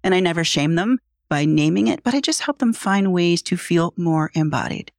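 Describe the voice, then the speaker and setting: A woman's voice: on the low side, normal speed, gravelly, dry recording, studio quality. A woman psychotherapist, a podcast guest, playfully coaching a host through a guided body exercise. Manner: playful, coaching, lively instructions.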